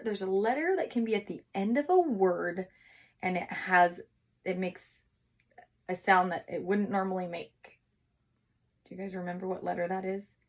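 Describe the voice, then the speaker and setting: A woman teacher giving a recorded writing lesson to young children, speaking slowly and encouragingly and sounding out syllables. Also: mid-range voice. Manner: slow, encouraging, sounding out words for kids.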